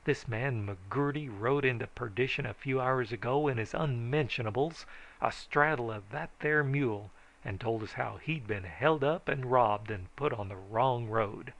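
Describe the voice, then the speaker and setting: A man voicing a loud, accusing frontier ruffian who speaks in a bellowing, drawling dialect. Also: mid-range voice.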